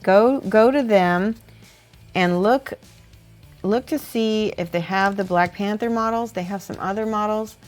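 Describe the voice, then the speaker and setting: A woman livestreaming as she paints miniatures, reading viewer messages aloud and thinking out loud between brushstrokes. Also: medium pitch, a little slow, soft background music. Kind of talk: casual livestream chat while painting.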